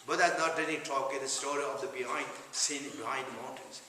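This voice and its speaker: A man's voice: mid-range voice, steady tone, sharp tone, far from the mic, slight background noise. Tibetan-accented man teaching in an echoey hall. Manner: halting, repeats phrases, non-native English phrasing. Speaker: Buddhist teacher. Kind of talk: meditation teaching. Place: large retreat hall.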